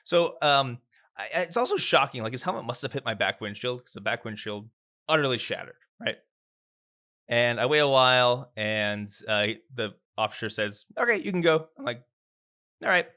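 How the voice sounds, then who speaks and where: Man priest, lively story delivery, bright tone. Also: normal speed. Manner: animated storyteller, lively pitch. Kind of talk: casual storytelling chat.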